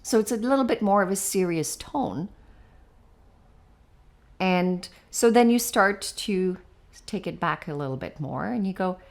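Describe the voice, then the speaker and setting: A woman educator in a casual podcast discussion, explaining her methods step by step, often checking in with "right?" and turning playful and animated as she acts out examples. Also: mid-range voice, measured pace, pauses often.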